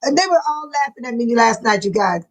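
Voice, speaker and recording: A woman with a high voice chats to her livestream viewers. She repeats herself and breaks into laughter again and again as she talks. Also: lively intonation, fairly quick, poor audio. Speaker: livestream host. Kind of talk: casual chat to viewers.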